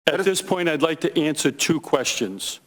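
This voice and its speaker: A man giving prepared testimony as a witness at a congressional hearing, deliberate and emphatic, repeating key phrases. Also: on the high side, animated. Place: large hearing room. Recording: reverberant hearing room.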